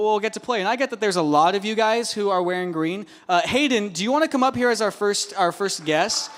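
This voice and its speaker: A man with a high voice, working as a youth pastor, hosts church announcements in a joking, rambling way full of fillers and restarts. He speaks into a handheld microphone in a church auditorium. The hall's long reverb trails after every line. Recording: long reverb of a large hall.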